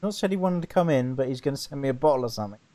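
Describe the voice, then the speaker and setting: A man hosting a casual live stream chat, relaxed and rambling with plenty of fillers. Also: mid-range voice, very fast, a crowd in the background. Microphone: video call setup.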